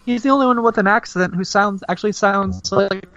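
A man's voice: high voice, fairly quick, dry recording. A man from Florida chatting casually on a podcast, swearing often and filling his talk with "like". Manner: animated, profane, lots of "like". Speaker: podcast host. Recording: lo-fi dull sound.

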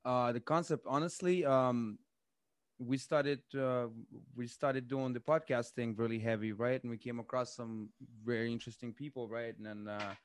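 A man with a Russian accent talking in loose, profane podcast chat. He keeps checking in with his listener by tagging "right?" onto his sentences. His voice sits at a middle pitch and is recorded dry and close. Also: steady tone, normal speed, dry recording. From Eastern Europe. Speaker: podcast co-host and rapper.

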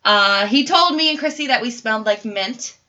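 Podcast host, woman, high and bright voice, chatty and animated storyteller. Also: moderate pace, lo-fi sound. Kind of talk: casual chat.

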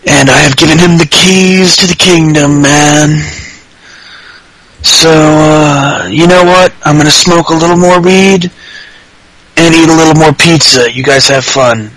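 A man's voice: fairly high pitch, measured pace, fairly bright tone, dry recording, low-quality recording. A man hosting a podcast, chatting casually in a rambling, profane, jokey way. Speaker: podcast host. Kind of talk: casual chat.

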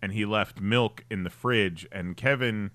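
A man's voice: on the low side, a little slow, fairly bright tone, no echo. A man co-hosting a casual podcast, joking and teasing his friends. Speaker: podcast co-host.

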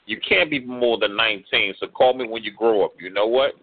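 A man's voice: lowish voice, fairly quick. Man, spoken word poetry, rhythmic rhyming delivery, tinny phone-line sound. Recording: tinny phone-like radio audio.

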